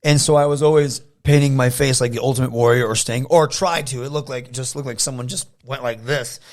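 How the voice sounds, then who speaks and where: A man from Michigan, a wrestler guest telling animated stories in a casual interview, often slipping into loud impressions. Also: medium pitch, a little fast. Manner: animated storyteller who slips into loud impressions.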